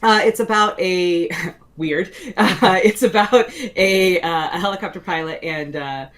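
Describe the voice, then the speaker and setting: A woman's voice: fairly low pitch, a little slow. A woman in her forties, a guest author in a casual interview, telling stories in a rambling way with many fillers and restarts and frequent laughs.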